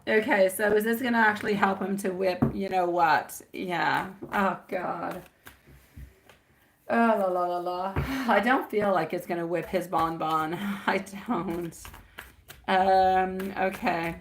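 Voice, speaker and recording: A woman's voice: medium pitch, fairly even intonation, slow pace, slight background noise. A woman hosting a live tarot reading, chatty and giggly, calling her viewers sweetie and my love. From France.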